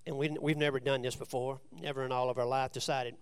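A man's voice: mid-range voice, fairly even intonation, quick pace, smooth. A man preaching, who reads scripture aloud and then explains it in plain, conversational asides. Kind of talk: sermon with scripture reading.

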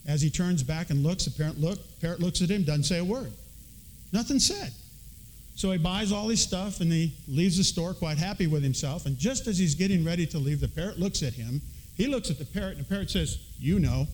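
A high-voiced man preaches from the pulpit. He reads scripture earnestly and slips into homespun, folksy stories to make his point. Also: animated, brisk, darkish tone, slight background noise, poor audio. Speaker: pastor. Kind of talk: sermon.

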